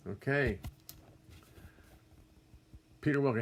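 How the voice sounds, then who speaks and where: An older man hosts a casual livestream from his music studio, reading viewers' names aloud and greeting each warmly with wry, self-deprecating jokes. His voice is on the low side, gravelly and slightly rough, moving at a moderate pace with long pauses. He comes across as chatty.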